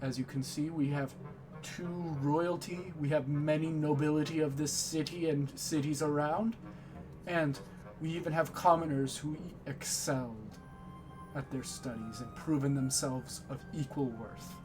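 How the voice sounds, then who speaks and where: A man running a tabletop game, narrating and introducing characters at an unhurried crawl. His voice sits a little high for a man, with soft music playing faintly behind him. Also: steady tone. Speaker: game master.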